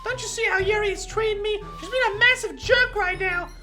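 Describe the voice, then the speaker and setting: A woman voicing a feisty, hot-tempered teenage girl from a visual novel, snapping back with shrill indignation. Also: a little fast. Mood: indignant.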